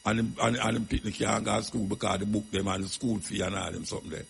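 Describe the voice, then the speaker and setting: A man's voice: lowish voice, fairly even intonation, fast talker, vocal fry, in a large hall, a little hiss or hum. A man with a Jamaican accent, hosting a radio talk show and telling stories in loose, rambling patois full of emphatic asides.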